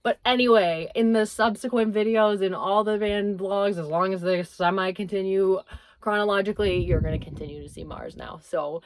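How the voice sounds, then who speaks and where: A woman's voice: mid-range voice, expressive, moderate pace. A young woman vlogging in a rambling, self-deprecating, chatty way. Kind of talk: casual chatty vlog narration.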